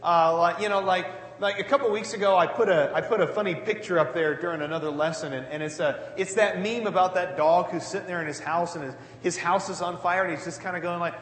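Animated man preaching in an echoey hall. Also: sits high, a little fast. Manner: earnest, animated, many casual asides. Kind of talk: conversational sermon. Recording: echoey hall with long reverb.

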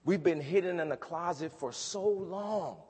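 Man, pastor, sermon, husky voice, fervent preaching, long church reverb. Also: high-pitched, darkish tone. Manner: preaching with rising fervor, drawn-out scripture reading.

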